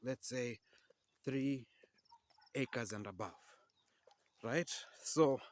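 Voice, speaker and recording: A man's voice: mid-range voice, no echo. A man giving upbeat, emphatic farming advice in a casual vlog, slightly out of breath as he walks and talks, repeating his key points. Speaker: farming vlogger.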